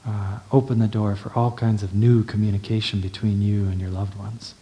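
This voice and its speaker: Male meditation teacher, dharma talk, warm mellow tone, lowish voice, gentle and unhurried. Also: level tone. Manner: gentle, unhurried, checks in with "right?".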